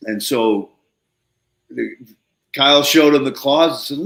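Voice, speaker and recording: A man hosting a podcast, telling a story in casual conversation, excitable and swearing casually, acting out quotes in a raised voice. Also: mid-range voice, slow, creaky, pauses often, echoey room. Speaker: podcast host.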